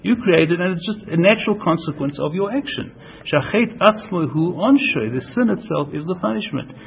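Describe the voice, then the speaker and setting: A man delivers a Torah lecture in a gravelly, slightly high voice, circling back over his points and sprinkling in Hebrew and Yiddish phrases. The recording is dull and lo-fi, with a faint hiss underneath. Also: a little fast. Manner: animated, repeats himself, mixes Hebrew and Yiddish terms. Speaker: Torah teacher.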